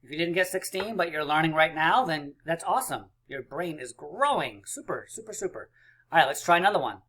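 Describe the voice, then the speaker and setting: Male teacher for a kids' math video, cheerful and encouraging, bright forward tone. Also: on the high side, animated, fairly quick. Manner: encouraging, playful, counts aloud. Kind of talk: math lesson for young children.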